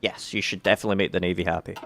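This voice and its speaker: A man hosting a live game stream as community specialist, chatting casually and pausing often with fillers and restarts. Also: low voice, flat delivery, gravelly, noisy background. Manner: hesitant, many fillers and restarts.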